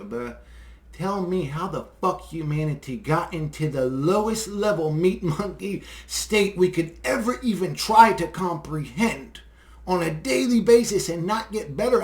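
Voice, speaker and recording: A man's voice: on the high side, reverberant. A man delivering a rambling, profane, exasperated monologue, full of fillers and short laughs. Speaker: solo video creator. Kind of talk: casual monologue rant.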